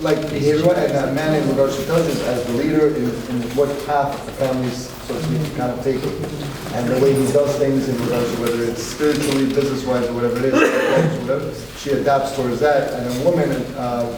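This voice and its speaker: A man in the audience asking a question hesitantly, searching for words and restarting often. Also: medium pitch. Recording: distant, very echoey room mic with background noise.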